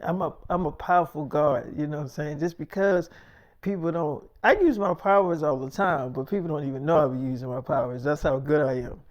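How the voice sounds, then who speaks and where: A man's voice: a little high, a little fast. A man telling a personal story in a casual, rambling, profane way, boasting as he goes.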